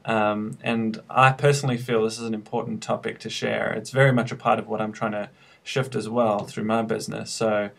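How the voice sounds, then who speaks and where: A male interviewer speaks in a flat, even tone with a gravelly edge. He sounds appreciative but hesitant and often restarts his phrases. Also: lowish voice, brisk. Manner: appreciative, hesitant with repeated starts.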